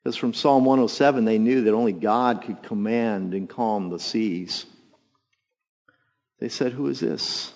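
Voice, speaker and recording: Animated preacher in an echoing hall. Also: male voice, measured pace. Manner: animated storytelling, acts out voices with jumps in pitch and volume. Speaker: pastor. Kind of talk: sermon. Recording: long hall reverb, dull lo-fi sound.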